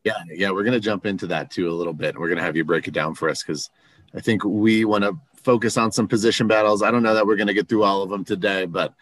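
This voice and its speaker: A man's voice: lowish voice, quick pace, fairly bright tone, no room sound. A man hosting a casual sports podcast, a friendly, easygoing interviewer. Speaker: podcast host.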